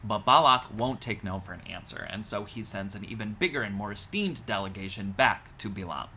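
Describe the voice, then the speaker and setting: A rabbi retelling a scripture story as comedy, with wry, deadpan asides. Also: male voice, on the low side, a little fast, a little hiss or hum.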